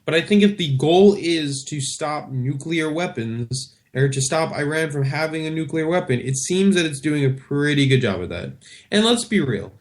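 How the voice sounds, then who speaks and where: Male radio co-host, slightly high voice, hesitant and casual in debate. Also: animated, normal speed. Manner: casual, hesitant, many fillers. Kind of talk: political debate on talk radio.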